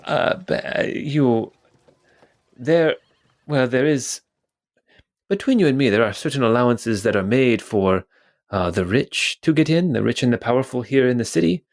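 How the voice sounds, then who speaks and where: A man's voice: medium pitch, lively intonation, moderate pace, voice pushed up, close to an everyday voice. A man voicing a polite, flustered male guard at a manor gate who stammers in a tabletop game.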